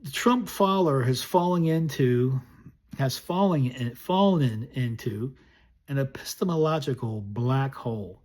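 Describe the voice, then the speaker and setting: A man's voice: medium pitch, animated, measured pace, a little mellow. A man from the United States delivering a recorded political essay in a blunt, indignant and scornful way. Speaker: political commentator.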